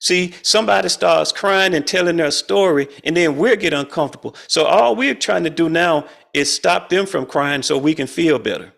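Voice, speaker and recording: A man's voice: on the high side, normal speed, creaky, few pauses, a bit bright. A middle-aged man leading a spiritual study group over a video call, talking in a folksy, colloquial way and chuckling often. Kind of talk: casual spiritual talk.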